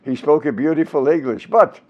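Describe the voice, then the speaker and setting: A man's voice: fairly high pitch, brisk, muffled recording. A man in his nineties with a Brooklyn accent, telling old stage stories in an interview and slipping into comic voices. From Brooklyn, New York. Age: 90s. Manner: animated storyteller, bursts into comic voices and sung bits. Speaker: interviewed performer. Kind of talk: casual interview with comic impressions.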